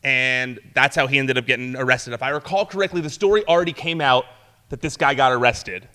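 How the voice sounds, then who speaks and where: A man, a guest in an interview, telling a story in an animated, casual way, laughing often and saying "like" a lot. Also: medium pitch, fairly quick. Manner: animated, laughs often while telling stories, peppers talk with "like". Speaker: interview guest, news reporter. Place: talk show studio set.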